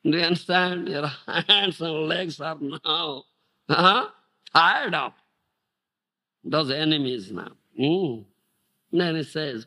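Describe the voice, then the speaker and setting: A middle-aged man with an Odia accent giving a devotional lecture, checking on his listeners and breaking into loud chanted verses. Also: on the high side, slow pace. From India. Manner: animated, repeats "Do you understand?", breaks into loud chanted verses. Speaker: spiritual teacher giving a lecture. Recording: 1991 archival lecture tape.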